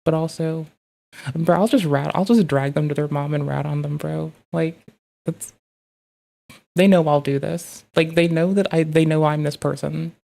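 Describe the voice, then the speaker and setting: A woman streamer with a low, gravelly voice talks in a loose, rambling way. She is blunt and profane as she chats and reacts to clips. Her tone sits on the dark, mellow side. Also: steady tone, normal speed. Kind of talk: casual chat reacting to clips.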